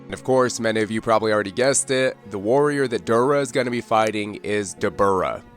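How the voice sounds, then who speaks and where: A man's voice: lowish voice, fast, faint music behind. A man narrating a casual manga chapter recap, reading characters' lines aloud in a loose, conversational way. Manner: reads dialogue aloud in a loose conversational way, "kinda", "like".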